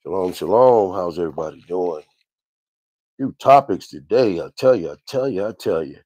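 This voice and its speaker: A man's voice: low voice, expressive, normal speed, darkish tone, slightly rough, no echo. A man hosting a livestream Bible teaching, greeting viewers one by one by name and often repeating his phrases. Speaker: minister and livestream host.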